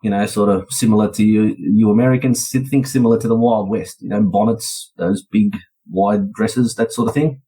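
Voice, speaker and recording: An Australian man with a low, husky voice tells his story in a relaxed, chatty manner. He speaks casually, as a podcast guest sharing events with the listener. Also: normal speed, rough recording. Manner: chatty, laid-back, slips into voices when quoting.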